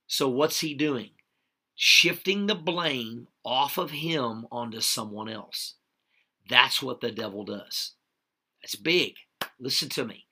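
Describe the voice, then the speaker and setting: Guy preaching on a livestream, gravelly voice, slow and deliberate, keeps going "okay?" and saying it twice. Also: mid-range voice, pushed and bright. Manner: emphatic, repeats key points with frequent "okay?"; greets viewers by name. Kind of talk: livestreamed sermon.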